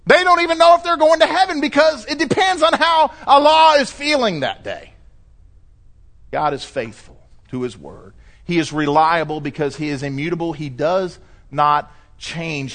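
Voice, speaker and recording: A middle-aged man pastor delivering a sermon, preaching emphatically and rising to loud cries when he quotes scripture. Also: a little high, expressive, normal speed.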